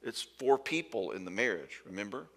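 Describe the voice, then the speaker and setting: Speaking at a normal speed in a lowish, fairly bright voice, a man gets very animated during a conversational talk at a marriage conference. He acts out quoted lines and checks in with the audience, with church hall reverb around him.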